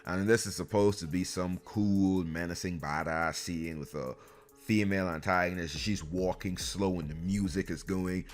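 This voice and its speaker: A man's voice: deep voice, fairly even intonation, moderate pace, soft background music. A man giving an exasperated, sarcastic ranting review of a video game series.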